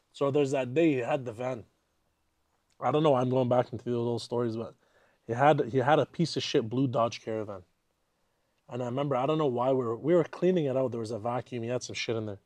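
A man hosting a casual podcast, telling stories in an animated, slangy way with plenty of swearing, outdoors in a backyard. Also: medium pitch, fast, no room sound. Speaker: podcast host. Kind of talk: casual chat, storytelling.

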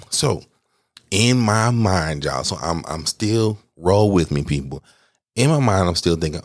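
A man casually telling a personal story, slangy and animated, swearing and talking straight to his listeners. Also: low-pitched, normal speed, dry recording, clean studio sound. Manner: acts out quoted lines in a raised voice.

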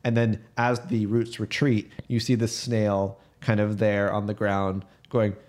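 A young man narrating as game master of a tabletop game, relaxed and rambling. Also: fairly low pitch, a little slow.

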